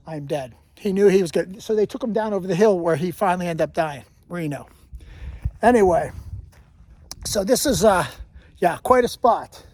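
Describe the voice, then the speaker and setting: Out on a mountain trail, a man with a high, somewhat mellow voice speaks at a normal pace with long pauses. This hiking vlogger tells history casually to his handheld camera, wandering off track and frequently correcting himself.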